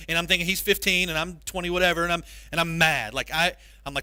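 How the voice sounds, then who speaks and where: A male pastor giving a sermon, telling stories with animated, self-mocking humor. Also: on the high side, quick pace, hardly any pauses, clean tone, no room sound.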